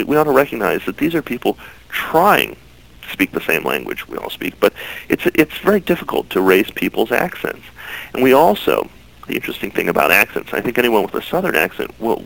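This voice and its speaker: Earnest male interview guest, gravelly and animated. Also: lowish voice, rough recording. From United States. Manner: earnest, repeats words when starting phrases. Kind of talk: interview answers.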